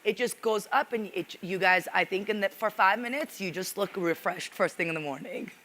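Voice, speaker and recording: A woman's voice: medium pitch, normal speed, fairly bright tone, a little hiss or hum. Earnest woman makeup artist explaining a routine. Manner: earnest, instructive, keeps saying "you guys". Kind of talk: casual panel talk. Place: live panel on a stage at a fashion event.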